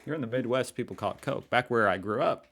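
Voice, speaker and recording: A man's voice: mid-range voice, quick pace, creaky, a bit bright. A man from the northeastern United States hosting a reaction video, chatting casually and joking along. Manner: laid-back, joking, chatty.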